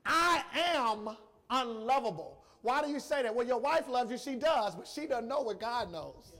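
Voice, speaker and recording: A man preaches with a very high, lively, slightly bright voice. The sermon is emotional and insistent, built on repeated phrases and slow stresses, with direct appeals to the congregation.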